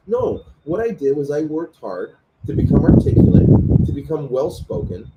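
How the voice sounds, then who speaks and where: A man in relaxed conversation whose pitch jumps around as he tells his stories with plenty of swearing. The room hiss sits clearly under his voice. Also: normal speed. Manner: animated storytelling, swearing freely. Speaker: host. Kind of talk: casual chat. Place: room at night lit by a selfie light.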